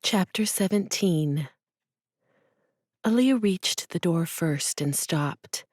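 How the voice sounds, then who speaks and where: Slow, low-voiced woman narrating a romance. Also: expressive, dry recording, studio quality. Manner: measured, gentle storytelling. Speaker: audiobook narrator. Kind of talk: scripted narration.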